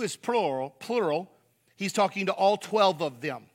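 A man's voice: high-pitched, animated, moderate pace. A man preaching a sermon, emphatic, repeating key words and speaking straight to the congregation. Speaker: pastor.

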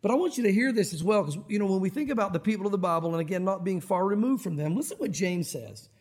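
A man preaching a sermon as a pastor, animated and acting out Bible scenes. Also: high voice, quick pace. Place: church sanctuary.

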